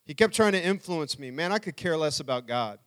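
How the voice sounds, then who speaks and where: A man's voice: on the high side, animated, brisk. A middle-aged man telling his life story to an audience as a speaker, earnestly acting out what people said. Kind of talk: personal testimony talk.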